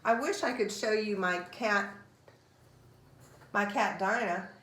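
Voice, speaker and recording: A woman's voice: medium pitch, takes it slowly, fairly bright tone. A woman voicing Alice, an earnest and polite young girl in a storybook reading. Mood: fond. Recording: roomy echo.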